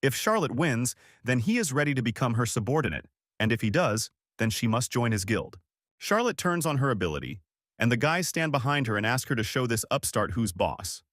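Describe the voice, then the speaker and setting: A man narrating a comic story recap in a steady, scripted present-tense summary. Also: mid-range voice, a little fast, no room sound, studio quality.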